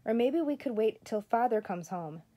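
A woman's voice: fairly high pitch, moderate pace. An older woman voicing a bored, reluctant young boy in a read-aloud storybook. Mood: worried. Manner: flat, unimpressed.

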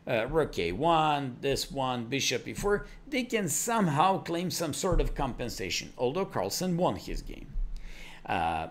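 Lively man explaining chess moves. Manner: animated, rapid move lists with frequent fillers and pitch jumps. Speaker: chess teacher. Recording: faint background noise.

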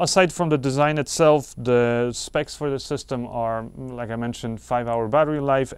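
A man's voice: medium pitch, smooth, dry recording. Man reviewing gear on a clip-on lav. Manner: explanatory, lots of uh fillers and restarts. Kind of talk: casual product review. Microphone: wireless lavalier clipped to shirt.

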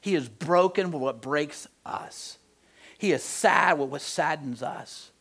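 A male pastor with a slightly high voice preaches in an earnest, conversational way. He drops into hushed, slowed phrases for emphasis, then lifts into animated bursts. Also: slightly rough. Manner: earnest and conversational, swinging between soft, slow emphasis and animated outbursts. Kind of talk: sermon. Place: church sanctuary.

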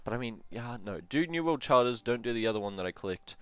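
A man's voice: mid-range voice, expressive, fast, clean tone, no room sound. A young man casually reviewing a strategy game session, rambling with profane jokes and asides. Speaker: gaming commentator.

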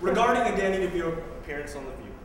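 High-voiced man performing spoken word. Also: very animated, racing. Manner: wry, pointed, with sarcastic asides. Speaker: poet. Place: live performance room. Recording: echoey hall, mic far off, faint noise.

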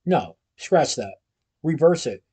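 A man's voice: on the high side, sing-song, slow pace, darkish tone, husky, heavily acted. A man voicing an eccentric male chocolatier showman with grand, theatrical sales patter in a storybook reading. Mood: playful.

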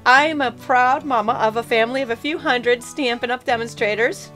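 A woman's voice: fairly high pitch, moderate pace, a bit bright, faint music behind. A woman hosting a card-making video, giving a bubbly, chatty introduction and laughing often. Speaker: crafting channel host.

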